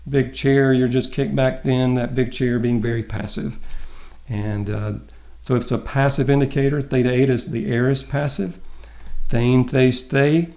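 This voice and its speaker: In this recorded lecture, a man whose voice is mid-range and darkish teaches Greek. Patient and methodical, he works through the grammar of a text step by step, pausing as he goes.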